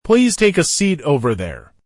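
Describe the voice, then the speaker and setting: A man reads short everyday phrases for language learners, and his fairly high voice moves up and down a lot as he goes. He gives each phrase once on its own, then again inside a fuller sentence, in a very dry, close recording. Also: huge pitch swings, a little slow, no echo. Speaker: English teacher. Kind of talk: reading example phrases for learners.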